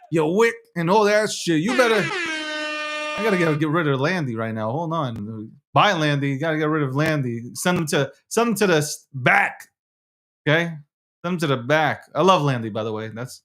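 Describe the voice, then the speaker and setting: A man's voice: fairly high pitch, expressive, moderate pace, a bit bright. Brash profane man with a New York accent. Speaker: show host. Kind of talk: casual crypto news show.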